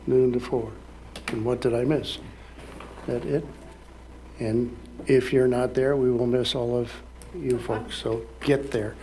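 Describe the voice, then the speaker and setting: A man's voice: medium pitch, fairly even intonation, slow, long pauses, dark tone, a little hiss or hum. A man speaking at a city council meeting in a folksy, rambling way, full of fillers and restarts.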